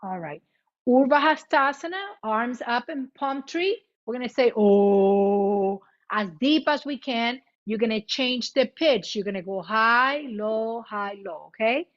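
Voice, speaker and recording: A woman guiding a chair yoga class, giving cues in both English and Spanish and demonstrating loud vocal sounds. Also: fairly high pitch, lively intonation, moderate pace. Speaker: yoga instructor. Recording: muffled lo-fi recording.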